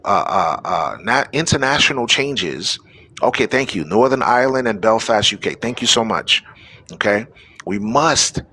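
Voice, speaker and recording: A man's voice: mid-range voice, sharp tone, slightly rough. A man hosting a live-streamed news show, delivering preachy, exhorting commentary to his audience. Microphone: phone or webcam on a live stream.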